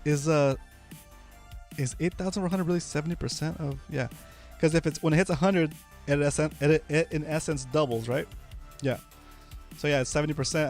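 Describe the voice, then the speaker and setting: A man in his thirties hosting a casual livestream, animated and forever asking "right?". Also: a little high. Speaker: host.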